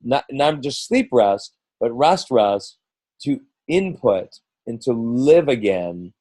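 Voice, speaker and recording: Middle-aged male coach on a team call. Dark, mellow tone on a dry close mic. Casual and rambling, with lots of restarts. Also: mid-range voice, very animated, slow, no echo, poor audio. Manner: rambling, full of restarts and quoted asides.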